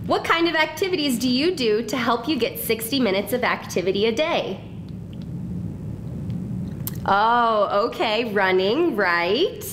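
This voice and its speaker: A woman presenter guides a school assembly, talking very slowly and cheerfully. Her voice is high and lively, set against clear background noise of the hall. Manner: slow, cheerful, leads chants. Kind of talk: speaking to students at an assembly.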